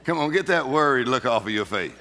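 Gravelly bright-voiced preacher in a reverberant hall. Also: male voice, mid-range voice, expressive, quick pace, some chatter behind, a little hiss or hum. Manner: emphatic preacher who laughs often and calls out to the congregation. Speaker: pastor. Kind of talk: sermon. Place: church.

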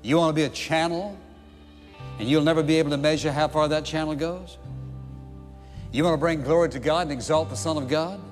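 A man's voice: a little high, fairly even intonation, a little fast, long pauses, big-room sound, faint music behind. A man preaching a sermon, emphatic, with repeated rhetorical questions. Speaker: pastor.

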